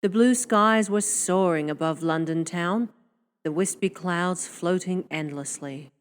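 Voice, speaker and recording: A woman narrating an audiobook in a measured, descriptive way. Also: lowish voice, clean tone. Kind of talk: scripted narration.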